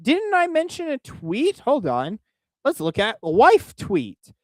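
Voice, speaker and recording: A man's voice: very high-pitched, huge pitch swings, slow, no echo. A young man from Oklahoma streams his reaction to a video. His voice swoops all over as he talks in a crude, exasperated way and stumbles over restarts. The sound is dry and close. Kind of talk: casual reaction commentary.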